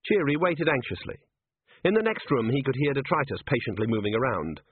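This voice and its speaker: A man reading a comic novel aloud as narrator, in a lively, expressive way. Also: medium pitch, fairly quick, a little hiss or hum. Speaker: audiobook narrator. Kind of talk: scripted narration. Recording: tinny dry phone-like sound.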